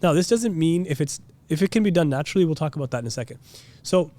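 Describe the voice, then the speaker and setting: In a laid-back religious lesson, a male Islamic teacher talks chattily, peppering his speech with "like" and "you know" and now and then mimicking preachers. He sounds fairly high-pitched, animated, fast, and warm.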